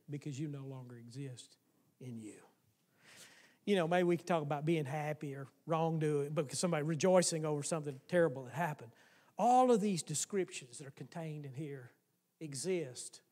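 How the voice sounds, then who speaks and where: A man preaching a folksy, animated sermon in a church. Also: high voice, big-room sound. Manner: folksy, animated, acts out playground voices. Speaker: pastor.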